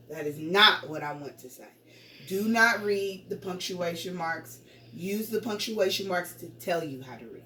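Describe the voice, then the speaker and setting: A woman teaching a young class to read. She is patient and encouraging, and she reads example sentences slowly with exaggerated rises and falls. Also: on the low side, fairly bright tone, a little hiss or hum. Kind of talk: early-grades remote reading lesson. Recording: echoey room, voice from far off the mic.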